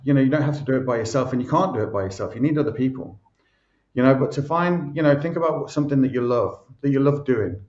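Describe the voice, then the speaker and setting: A male host chats casually and rambles, filling gaps with "you know" and restarting his sentences. His voice is at a mid pitch. The audio comes from an echoey room and sounds dull and lo-fi. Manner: rambling, lots of fillers and restarts. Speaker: podcast host. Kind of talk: casual conversation.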